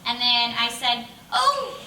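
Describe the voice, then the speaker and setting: A woman's voice: on the high side, moderate pace. Woman telling a funny story in an echoey room. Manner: bubbly, self-mocking storytelling with laughs and quoted voices. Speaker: voice actor. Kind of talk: casual anecdote telling. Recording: roomy, distant mic with clear room noise.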